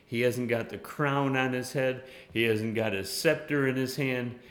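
A man preaching a sermon in an animated way, laughing often and dropping to a hushed tone when he voices prayers. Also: mid-range voice, measured pace, roomy sound. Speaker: pastor. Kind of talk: sermon with Bible study.

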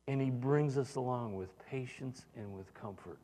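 A man's voice: mid-range voice, normal speed, hardly any pauses, warm tone. A man preaching a sermon as pastor, talking in a conversational way with frequent fillers and restarts. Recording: long reverb of a large hall.

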